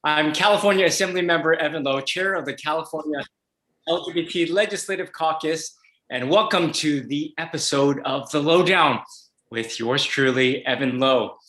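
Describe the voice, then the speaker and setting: A man's voice: fairly high pitch, moderate pace, bright, forceful tone, roomy sound. A man hosting a video interview as a legislator, upbeat and reading an introduction with some fillers. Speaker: host, state legislator.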